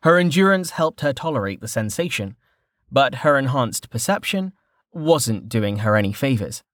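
A man narrating a fantasy novel in an expressive, varied storytelling manner. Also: medium pitch, moderate pace, no echo, clean studio sound. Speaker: audiobook narrator.

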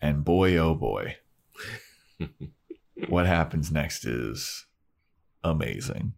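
Low-voiced guy recapping a tv episode, casual podcast chat. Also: drawn-out words, vocal fry. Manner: animated recapper who acts out characters in high falsetto voices.

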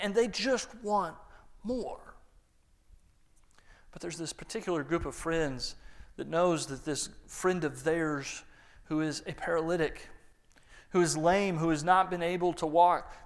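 Man preaching with dramatic swings. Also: high voice. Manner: dramatic, acts out quoted voices, swings between loud and hushed. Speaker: pastor. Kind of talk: sermon.

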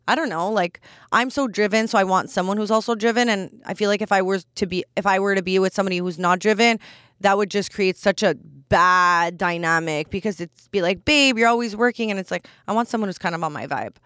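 A woman's voice: medium pitch, steady tone, a little fast, a bit bright, dry recording, studio quality. A woman in her twenties hosting a casual solo podcast, talking candidly and bluntly with lots of "like" fillers. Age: 20s. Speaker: podcast host.

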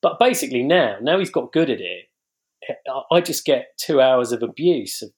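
A man's voice: mid-range voice, lively intonation, normal speed, darkish tone. A man on a podcast in casual chat, hesitant and restarting his phrases.

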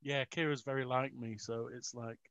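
A man's voice: mid-range voice, steady tone, moderate pace, crowd noise. A middle-aged man in a casual chat, rambling with restarts, self-mocking and often chuckling. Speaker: interview guest. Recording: dull lo-fi recording.

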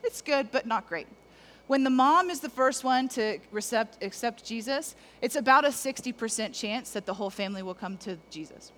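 A middle-aged woman preaching a lively, conversational sermon to men, talking straight to the audience. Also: a little high, moderate pace. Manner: animated, conversational, addresses the audience directly.

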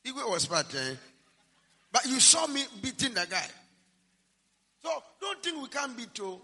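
A man preaching a sermon as pastor, emphatic, dropping to a hush and then rising to shouts. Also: extremely high pitch, very animated, measured pace, breathy edge. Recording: long reverb of a large hall.

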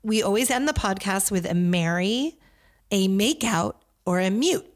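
Woman, podcast host, casual talk, lively anecdotes, quick asides. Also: mid-range voice. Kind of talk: casual conversational chat.

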